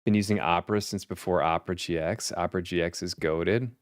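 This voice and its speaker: A man's voice: sits low, fairly even intonation, brisk, no room sound, studio quality. A male streamer chatting casually and thinking aloud, rambling with fillers. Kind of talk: casual chat.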